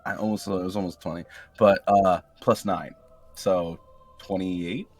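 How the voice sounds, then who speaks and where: A man playing in a tabletop game, boisterous and excitable, cursing freely. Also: deep voice, unhurried, faint music behind. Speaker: player.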